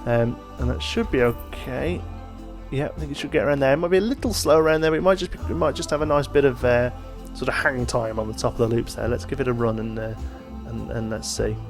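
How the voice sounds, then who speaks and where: Talking quickly in a mid-range voice over faint background music, a sleepy man runs a let's play. His commentary is casual and chatty, a stream of thoughts spoken aloud, broken up by yawns.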